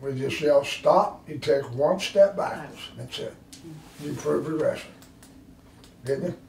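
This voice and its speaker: A man teaching a firearms class, blunt and forceful, acting out street scenarios for his students. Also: fairly high pitch, unhurried, vocal fry. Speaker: firearms instructor. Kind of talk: classroom instruction. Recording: echoey room from far off.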